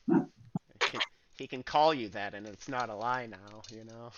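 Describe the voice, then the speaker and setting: A man narrating as game master of a tabletop game, relaxed and rambling, with plenty of fillers. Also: fairly low pitch, unhurried, dry recording, highs cut off.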